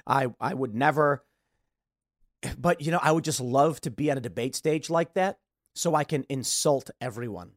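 A man's voice: medium pitch, normal speed, dry recording, clean studio sound. A man hosting a show, giving blunt, opinionated political commentary and mimicking the people he talks about. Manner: blunt, animated, mimics others mid-rant. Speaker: show host.

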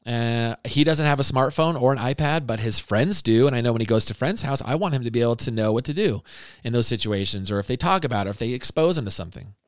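A man's voice: mid-range voice, animated, fast, no room sound, studio quality. A middle-aged man hosting a parenting podcast, talking earnestly and casually with frequent restarts. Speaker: podcast host and parenting speaker.

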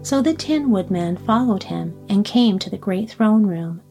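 A woman reads a classic storybook aloud in a calm, even way. Her voice is mellow and warm rather than bright. Faint music runs quietly underneath. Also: medium pitch, a little slow, vocal fry, breathy edge. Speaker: audiobook narrator. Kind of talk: storybook reading.

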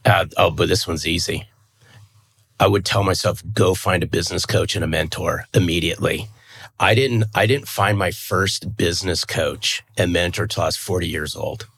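Brief: fifties man, very low husky voice, earnest, emphatic guest. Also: normal speed, fairly bright tone. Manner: earnest, emphatic, repeats words as he restarts. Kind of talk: conversational interview.

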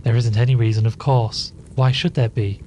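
A man's voice: medium pitch, fairly even intonation, normal speed, mellow, dull audio, a little hiss or hum, lightly acted. A man voicing a nervous, tearful woman in a read-aloud story, speaking in a wailing, sobbing way.

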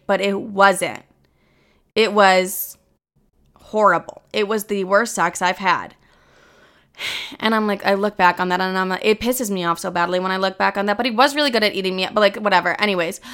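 A young woman in her twenties hosting a podcast, telling candid stories in a blunt, profane, animated way. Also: a little high. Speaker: podcast host. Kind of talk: candid casual monologue.

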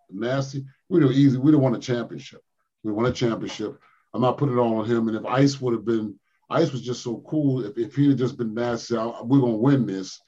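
An older man from Philadelphia, a former pro basketball player, telling animated stories in an interview. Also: mid-range voice, slightly rough, muffled recording. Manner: animated storyteller, acts out quotes with laughs. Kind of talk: storytelling interview.

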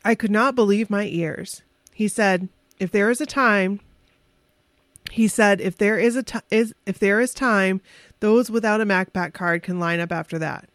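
A woman casually telling an excited, emotional story on a podcast, with restarts and quick bursts. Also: medium pitch, no echo, studio quality.

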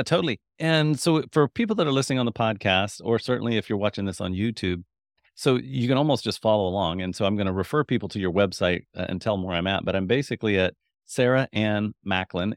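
A man's voice: lowish voice, no echo, clean studio sound. A man hosting a podcast interview, enthusiastic and rambling, with frequent restarts. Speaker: podcast host. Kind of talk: interview chat.

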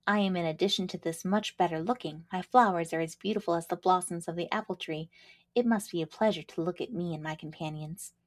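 A woman's voice: on the low side, fairly quick, natural voice. A woman reading a storybook, voicing a proud, haughty buckwheat plant that boasts about itself. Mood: boastful.

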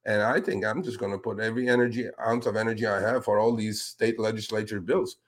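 A man hosting a talk show, speaking in casual, animated commentary that turns indignant as he calls out politicians with a pointed "sir". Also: lowish voice, quick pace. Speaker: podcast host.

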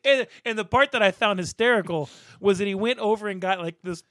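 An easygoing man in casual podcast chat, with a slightly higher voice than most men. He laughs along and trails off as he recalls scenes. The sound is close and dry. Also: brisk, fairly bright tone, no echo. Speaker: podcast co-host.

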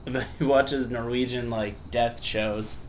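A man's voice: unhurried, roomy sound, slight background noise. A young man co-hosting a podcast, joking crudely and laughing often. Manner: laughing, swings high when excited. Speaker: podcast co-host. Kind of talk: crude casual banter.

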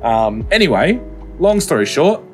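Animated, swearing man telling a story. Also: a little high, unhurried, faint music behind. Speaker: podcast co-host. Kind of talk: casual chat.

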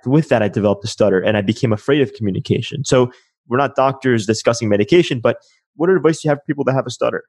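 A man's voice: mid-range voice, very fast, a little mellow, no echo. A man whose first language is Spanish, hosting a casual interview in a chatty, enthusiastic way. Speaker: podcast host.

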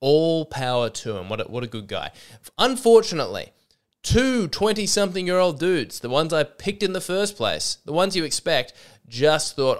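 A man's voice: on the high side, very animated, moderate pace. A man, feeling a little sick, telling a rambling, sweary comedy story as a podcast host. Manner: rambling, self-interrupting, sweary.

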